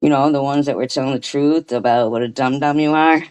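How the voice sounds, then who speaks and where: A woman's voice: rumbling low, fairly even intonation, brisk, a little mellow, clean tone. A woman hosting a livestream, ranting casually and profanely with frequent restarts. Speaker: livestream host.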